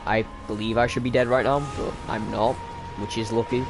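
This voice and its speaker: Over music, a man with a lowish voice and little pitch movement comments fairly quickly as he plays a game on stream. He chats casually with viewers by name and makes self-deprecating jokes.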